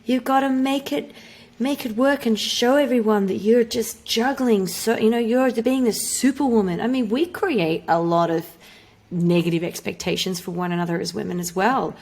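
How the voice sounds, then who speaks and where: A woman hosts a casual podcast conversation. Her voice sits on the higher side, and she talks in a candid, conversational way. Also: normal speed, darkish tone. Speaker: podcast host.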